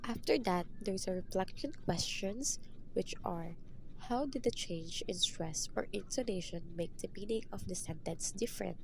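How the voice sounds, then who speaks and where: A woman's voice: mid-range voice, normal speed, creaky, a little hiss or hum, low-quality recording. A young woman reads out her lesson presentation as a student teacher, going through numbered steps and questions. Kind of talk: reading a prepared lesson presentation.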